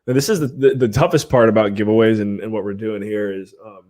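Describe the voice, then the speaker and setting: A man's voice: fairly low pitch, fast talker, darkish tone. A man from Ohio hosting a livestream podcast, chatting casually, rambling a little and laughing often as he runs giveaways. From Ohio, USA. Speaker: podcast host.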